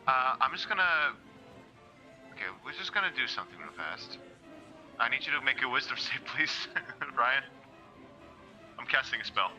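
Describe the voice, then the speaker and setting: A man's voice: medium pitch, normal speed, long pauses, dull audio, faint music behind. A man playing a tabletop game, talking animatedly with laughs and repetitions. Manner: animated, laughing, repeats himself. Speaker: player. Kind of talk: casual tabletop play.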